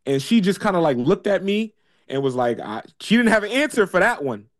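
A man's voice: high voice, sing-song, fairly quick. Hesitant man building to emphatic questions. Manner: hesitant, many fillers, building to emphatic repetition. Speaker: speaker. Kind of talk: casual monologue.

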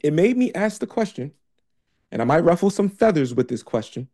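A man with a somewhat high voice speaks in a rambling monologue. He often trails off into fillers, then gathers force through repeated, pointed questions. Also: sing-song, brisk, warm tone. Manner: hesitant, many fillers, building to emphatic repetition. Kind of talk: casual monologue.

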